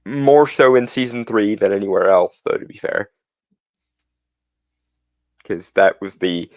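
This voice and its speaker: A man's voice: on the low side, a little slow, pauses often, no echo. A man co-hosting a podcast in casual chat, with a sardonic, mock-threatening manner. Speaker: podcast co-host.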